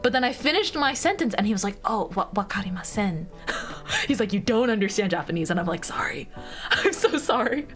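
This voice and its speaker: A woman's voice: medium pitch, animated, fairly quick, soft background music. A young American woman streaming casual chat, bubbly and giggly, with lots of fillers. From United States.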